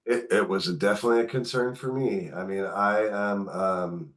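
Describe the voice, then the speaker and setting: Deep-voiced man telling a family story. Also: moderate pace. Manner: candid, animated retelling with quoted dialogue. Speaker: podcast guest, author and caregiver. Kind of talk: conversational storytelling.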